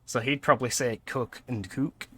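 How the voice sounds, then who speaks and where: A man's voice: mid-range voice, lively intonation, normal speed, bright, forceful tone, dry recording. A young man casually chatting and laughing often while commenting on a game he is playing on stream.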